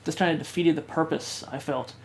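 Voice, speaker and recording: A man vlogger telling a personal story in a halting way, with many fillers and restarts. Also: a little high, fairly even intonation, gravelly, a little hiss or hum.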